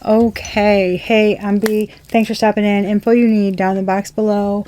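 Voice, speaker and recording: A woman's voice: mid-range voice, flat delivery, moderate pace, dark tone, slight background noise. A young woman giving a casual tarot reading, rambling and swearing in amazed disbelief. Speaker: tarot reader.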